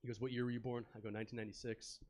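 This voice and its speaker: Laid-back young stand-up comic. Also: male voice, medium pitch, little pitch movement, very fast, a little mellow. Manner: laid-back, chatty, banters with the crowd. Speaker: stand-up comedian. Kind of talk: stand-up comedy set. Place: comedy club stage.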